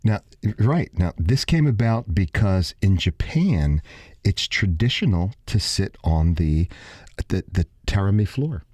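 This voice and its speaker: A man's voice: sits low, unhurried, no room sound, studio quality. Een geanimeerde man met een Brooklyn-accent. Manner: joking, animated, playful teasing. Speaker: radio host, salon owner. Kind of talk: casual radio chat.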